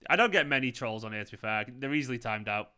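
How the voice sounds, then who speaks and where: Mancunian male stream host, bright clear tone, loose and chatty with his viewers. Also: medium pitch, lively intonation, fast. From England. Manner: chatty, rambling, reads out chat comments. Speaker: fan channel host. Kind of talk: casual live watchalong chat. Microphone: earphones with mic.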